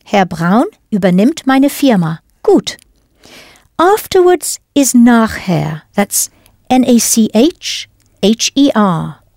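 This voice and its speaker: A woman's voice: on the high side, very animated, slow, a little mellow, no echo, clean studio sound. A woman teaching a scripted language lesson, enunciating carefully and prompting the listener with questions.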